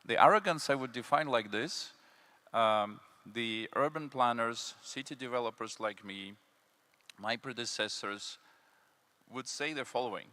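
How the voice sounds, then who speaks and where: A man's voice: medium pitch, a little slow, bright, forceful tone. Emphatic man. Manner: emphatic, repeats key words, many fillers. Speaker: panelist, city development consultant. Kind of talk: conference panel talk. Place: conference hall.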